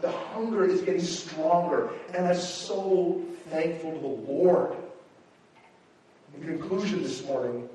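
A male pastor preaches with animated, emphatic delivery, his slightly higher voice carrying through a very echoey church sanctuary. He sounds set back from the mic, as if caught from across the room. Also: slow. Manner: animated, personal storytelling with emphatic rises. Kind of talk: sermon. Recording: echoey hall from far off.

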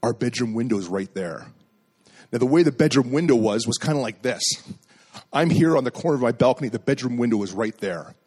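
A man's voice: medium pitch, lively intonation, a little fast, a little mellow, husky. A middle-aged man preaching a sermon as a pastor, telling a personal story and acting out the dialogue in it.

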